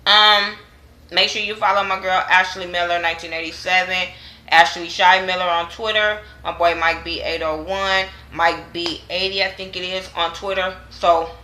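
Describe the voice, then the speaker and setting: A woman's voice: lowish voice, fairly even intonation, moderate pace, bright, forceful tone. A young woman vlogger giving a blunt, sassy, profane recap of a reality show episode. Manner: blunt and sassy, acts out quotes. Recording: echoey room.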